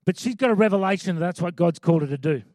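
Male pastor, high voice, chatty sermon, emphatic repetition, dry close sound. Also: expressive, very fast, darkish tone, no room sound. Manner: conversational preaching with emphatic repeated lines.

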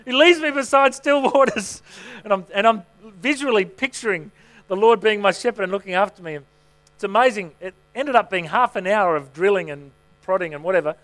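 Male pastor, middle-aged, higher voice; easy, storytelling sermon delivery. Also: brisk, a bit bright. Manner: conversational, self-mocking storytelling.

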